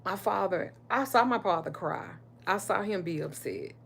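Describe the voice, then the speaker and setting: A woman's voice: medium pitch, lively intonation, moderate pace, gravelly, a bit bright, a little hiss or hum. A middle-aged woman, telling personal stories in a candid, emphatic way on a casual livestream, and swearing freely. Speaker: spiritual reader and livestream host.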